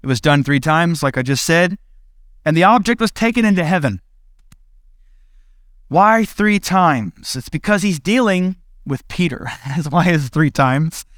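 High-voiced man preaching casually. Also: lively intonation, a little slow, fairly bright tone, no room sound, clean studio sound. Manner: conversational, playful, laughs at his own retellings. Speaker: pastor. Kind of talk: casual sermon with acted-out Bible scenes.

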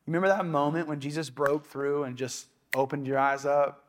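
A young adult man with a fairly high voice that moves little in pitch preaches at a fairly quick clip. He's a pastor giving a relaxed, conversational sermon in a church sanctuary, breaking into quoted asides.

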